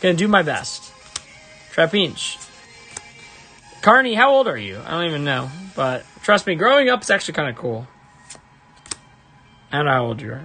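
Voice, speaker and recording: Excitable husky-voiced man opening cards live. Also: normal speed, pauses often, soft background music. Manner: excitable, bursts into high exasperated yelps. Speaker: live-stream card opener. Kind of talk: casual live-stream chat.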